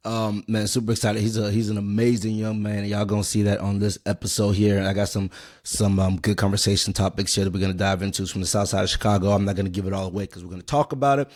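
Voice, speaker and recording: A man hosting a podcast who talks in an energetic, casual, slangy way. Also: on the low side. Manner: energetic, slangy, fast-talking. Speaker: podcast host.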